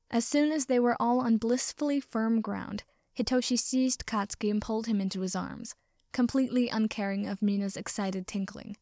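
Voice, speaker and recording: A woman reading a story aloud with expressive narration. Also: medium pitch, normal speed, dry recording, clean studio sound. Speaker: audiobook reader. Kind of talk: reading fan fiction aloud.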